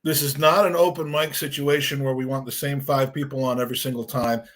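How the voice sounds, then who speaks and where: A man's voice: medium pitch, level tone, brisk, heavy background noise. A man hosting a football fan call-in show, talking in a loose, rambling, sweary way. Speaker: podcast host. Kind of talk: casual fan show talk.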